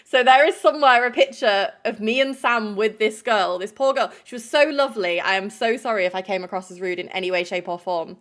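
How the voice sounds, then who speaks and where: A woman's voice: mid-range voice, a little fast, hardly any pauses, a bit bright. A woman streamer telling chat a stressful story in a rambling, emotional way, full of fillers.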